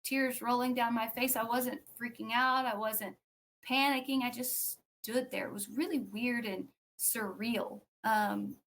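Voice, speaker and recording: A woman with a somewhat high voice tells a personal story as a podcast guest. She talks in a loose, conversational way and acts out what others said. Her telling is animated, broken up by fillers and restarts. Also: unhurried. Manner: animated, acts out quoted speech.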